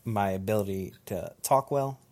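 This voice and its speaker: A young man hosting a casual podcast chat, talking loosely and halting often. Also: fairly low pitch, darkish tone. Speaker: podcast host.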